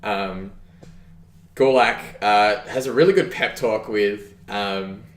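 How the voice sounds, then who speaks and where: A man's voice: fairly low pitch, slow, echoey room. A man co-hosting a podcast, rambling through a casual wrestling recap with lots of fillers and real enthusiasm. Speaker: podcast co-host.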